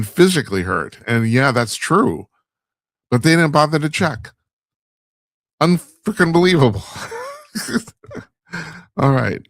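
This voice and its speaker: A man's voice: mid-range voice, no echo. A man hosting a talk show, delivering a rambling, wry monologue and laughing at his own stumbles. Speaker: radio talk show host. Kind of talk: casual monologue commentary.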